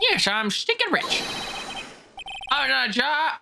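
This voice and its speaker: A woman's voice: high-pitched, sing-song, slow, vocal fry, noisy background, voice pushed up, full character voice. A woman putting on a cranky old man. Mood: boastful. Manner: shouty, indignant bluster. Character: cranky broke old man, boastful and touchy. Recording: music playing behind.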